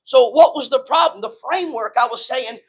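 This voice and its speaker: A man's voice: extremely high pitch, fairly quick, breathy edge, poor audio. A man preaching a sermon in a casual, emphatic way, often checking in with the congregation. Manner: emphatic, conversational preaching with frequent "right?" and "man". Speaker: pastor.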